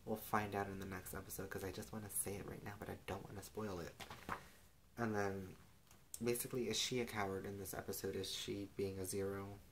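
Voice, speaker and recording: Young male recapper, deep and flat, loose rambling delivery. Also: a little fast, slight background noise, poor audio. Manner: rambling, heavy use of "like" and "and stuff". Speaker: TV episode recapper.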